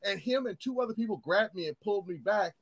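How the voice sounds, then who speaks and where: Lively, high-pitched man telling stories. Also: fast, creaky. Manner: animated storyteller, profane, acts out quoted voices. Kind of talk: casual podcast chat.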